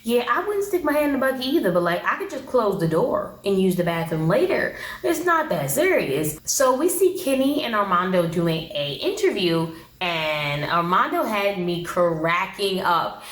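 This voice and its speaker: A woman's voice: fairly low pitch, sing-song, measured pace. A woman giving a blunt, slangy casual recap of a TV episode, acting out the people she quotes. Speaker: TV show reviewer. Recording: roomy echo.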